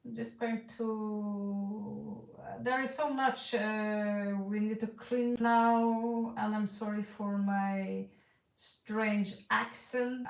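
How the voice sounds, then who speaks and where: A woman's voice: mid-range voice, vocal fry, distant mic. A woman who is not a native English speaker, with a mixed British and Russian accent, reading tarot live for chat viewers in a hesitant way with many fillers. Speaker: tarot reader. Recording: echoey room, voice from off-mic.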